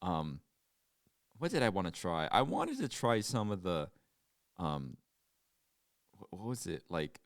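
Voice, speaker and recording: A man co-hosting a podcast, telling stories in casual chat with animated, jokey delivery and quick silly impressions. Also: no room sound, studio quality. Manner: animated storytelling, bursts into silly high impressions. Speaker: podcast co-host.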